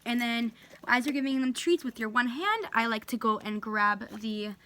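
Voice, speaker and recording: A woman's voice: fairly high pitch, moderate pace, a bit bright. A woman casually demonstrating dog training at home, explaining each step and talking to her dog along the way. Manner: chatty, talks to her dog between explanations. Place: indoors at home.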